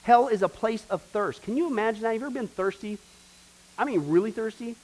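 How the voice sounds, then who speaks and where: A man's voice: high-pitched, fairly quick, a little mellow, rough recording. A man teaching a church discipleship class in an emphatic preaching style, repeating phrases and talking straight to the group. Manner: emphatic, repetitive, addresses the class directly.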